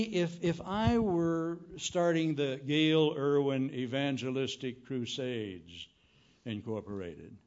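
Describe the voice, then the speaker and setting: A man preaching a humorous sermon as an evangelist, telling folksy stories with jokes. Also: high-pitched. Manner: folksy, joking, animated storytelling. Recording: dull lo-fi recording.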